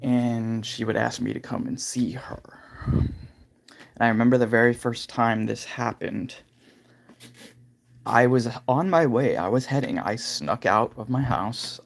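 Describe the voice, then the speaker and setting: A man's voice: medium pitch, gravelly. A man hosting a livestream, candidly telling a personal story in a casual, rambling way full of filler phrases. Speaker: livestream host.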